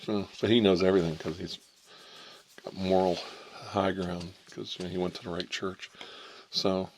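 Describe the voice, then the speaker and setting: A man's voice: low-pitched, flat delivery, normal speed, background noise. A man from Ohio hosting a comedic ASMR role-play as an examining doctor. He is a rambling, irreverent storyteller who keeps digressing and laughing at his own jokes. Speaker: channel host playing an examining doctor. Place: indoors, smoking a cigarette.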